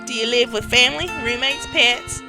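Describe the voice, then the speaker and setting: A woman voicing a friendly, outdoorsy southern woman who chats reassuringly and asks questions, with a Southern US accent. Loud game music plays behind her. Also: fairly high pitch, fairly even intonation, moderate pace, lightly acted. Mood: curious. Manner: chatty, reassuring, inquisitive.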